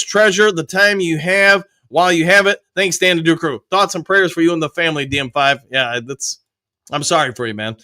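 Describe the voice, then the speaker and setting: A man's voice: high voice, pushed and bright, smooth, dry recording. A man from Michigan hosting a live fan show, reading viewers' chat messages aloud and answering them. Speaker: host.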